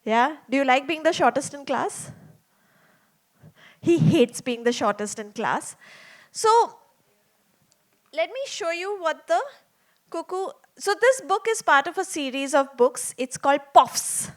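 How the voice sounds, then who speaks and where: High-voiced woman telling stories to children. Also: animated, unhurried, pauses often. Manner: chatty, asks the children many questions. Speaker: children's storyteller. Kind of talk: storytelling session for children. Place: small theater before a young audience.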